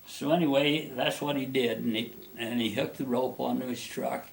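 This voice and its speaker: A man's voice: mid-range voice, steady tone, moderate pace, gravelly, a little hiss or hum. A man being interviewed, telling a personal story in a rambling, folksy way with many restarts.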